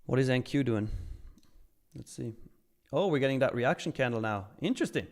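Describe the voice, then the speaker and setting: A man from Switzerland hosts a live trading stream, chatting cheerfully, reading chat aloud, and getting excited about milestones. He speaks in a mid-range voice at a moderate pace.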